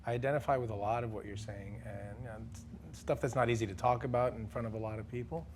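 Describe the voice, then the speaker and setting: A man's voice: mid-range voice, fairly even intonation, quick pace, slight background noise. A man guest on a studio talk show speaks in an earnest, reflective way. His voice sits mid-range, with faint room ambience behind. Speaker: guest, actor.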